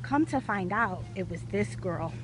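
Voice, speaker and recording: A woman's voice: mid-range voice, expressive, a little slow, noisy background. Breathless woman vlogging while walking. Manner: passionate, rambling, lots of "like" and "you know". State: a little out of breath from walking uphill. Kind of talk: casual vlog talk. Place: outdoors, walking in hot weather.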